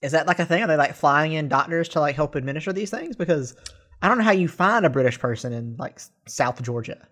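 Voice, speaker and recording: A man's voice: a little high, expressive, quick pace, a bit bright. A young man co-hosting a casual podcast chat, laughing easily and sounding exasperated and incredulous. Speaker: podcast co-host.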